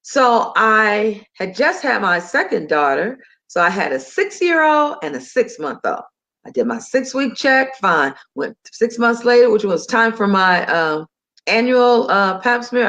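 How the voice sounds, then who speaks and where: A middle-aged woman telling a personal story in a casual, animated way, acting out both sides of her phone calls. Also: fairly high pitch, lo-fi sound. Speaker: talk show host sharing a personal story.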